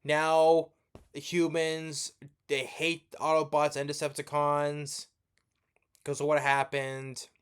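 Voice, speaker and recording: A man's voice: a little high, monotone, slow, smooth. A man in a slightly raised register delivers a rambling movie review rant. He is sleepy and yawning, drifting between points, tripping over his own restarts, and dropping casual swear words. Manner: rambling and profane, many restarts.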